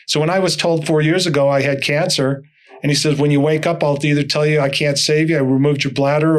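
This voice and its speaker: An older man, a motivational speaker, telling stories as an interview guest and acting out the dialogue in them. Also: fairly high pitch. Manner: animated, acts out dialogue in stories. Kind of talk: storytelling interview talk.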